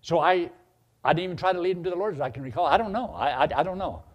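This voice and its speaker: A man's voice: high-pitched, rapid-fire, dull audio. A male preacher telling a personal story in a sermon, acting out the dialogue as he goes. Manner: animated, acts out dialogue.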